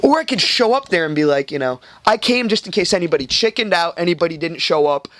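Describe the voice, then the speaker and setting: A man's voice: a little high, expressive, fast talker, a bit bright, no echo. A young man hosting a podcast, telling a rambling, profane story and acting out the people in it. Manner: rambling, swears a lot, acts out quoted people. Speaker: podcast host. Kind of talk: casual storytelling chat.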